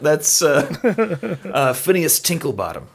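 A man's voice: a little high, big pitch swings, takes it slowly, vocal fry, slightly rough. Hesitant man hosting a game. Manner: hesitant, many uh fillers, explains rules. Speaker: game segment host. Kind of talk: casual podcast chat.

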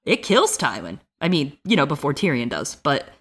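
A woman's voice: deep voice, huge pitch swings, moderate pace, fairly bright tone, breathy edge. A woman co-hosting a podcast, chatting casually about a book, laughing and swearing easily. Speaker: podcast co-host.

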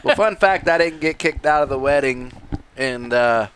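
A man's voice: on the high side, animated, moderate pace, fairly bright tone, slight background noise. A man in his thirties co-hosting a podcast, trading joking, swearing banter and mock challenges in casual chat. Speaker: podcast co-host.

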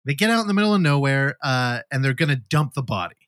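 Animated man recapping a film. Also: medium pitch, quick pace, no echo, clean studio sound. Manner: animated, profane, acts out movie scenes. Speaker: podcast host. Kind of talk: casual movie review chat.

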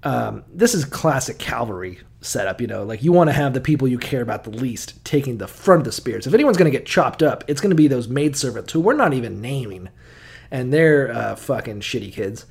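A man's voice: medium pitch, animated, brisk, gravelly, a little mellow, husky. A man co-hosting a podcast, casually retelling a story with lots of swearing, rambling asides and laughter. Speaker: podcast co-host. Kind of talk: comedic retelling, casual chat.

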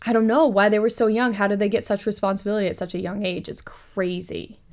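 This is a woman in the middle of a casual podcast story. Her voice sits at an ordinary pitch for a woman. She tells it in an animated way, swears freely, and breaks off into asides. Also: fast. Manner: profane, animated retelling with asides. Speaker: podcast host.

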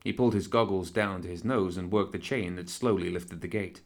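A man narrating a novel with a low, steady delivery. He paces the descriptive passages evenly and keeps his tone measured throughout. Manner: measured, even storytelling. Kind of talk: audiobook narration.

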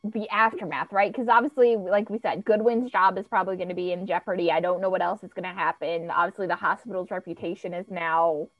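A woman's voice: lowish voice, steady tone, brisk, few pauses, dry recording, dull audio. A woman co-hosting a podcast, giving emphatic, enthusiastic opinions in casual chat about a TV episode. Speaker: podcast co-host.

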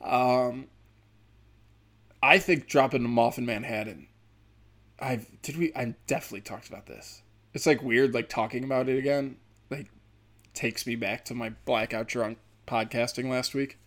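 Male comic, podcast host, rambling and profane, mild speech impediment, mid-pitched. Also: fairly even intonation, normal speed, a bit bright. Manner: rambling, profane, many fillers. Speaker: stand-up comedian and podcast host. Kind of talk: casual podcast monologue.

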